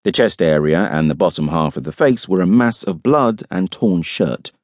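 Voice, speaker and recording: A man's voice: sits low, lively intonation, normal speed, dry recording. A man narrating a first-person audiobook with wry, dry humour.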